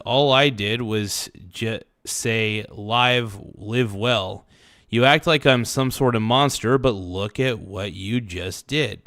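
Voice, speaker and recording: A man's voice: medium pitch, fairly bright tone, dry recording, studio quality. A man streaming an angry rant, reading out messages and swearing heatedly. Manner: heated, profane, reads messages aloud and rants.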